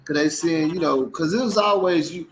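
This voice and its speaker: A man's voice: on the high side, moderate pace, a bit bright, slight background noise, low-quality recording. A man co-hosting a casual commentary chat, talking animatedly and acting out quotes in mimicking voices. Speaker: co-host.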